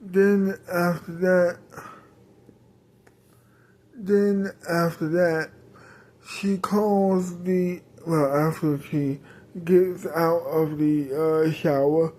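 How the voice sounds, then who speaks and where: A woman's voice: on the low side, fairly even intonation, extremely slow, pauses often, mellow. A woman improvising a rambling story, with many fillers and restarts.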